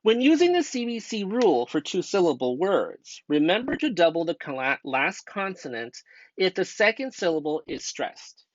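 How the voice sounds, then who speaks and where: A man's voice: sits high, very animated, normal speed, dry recording. A young man from the United States, a student teacher narrating a grammar lesson in a patient, step-by-step way and asking the class rhetorical questions. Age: young adult. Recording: dull dry lo-fi voice-over.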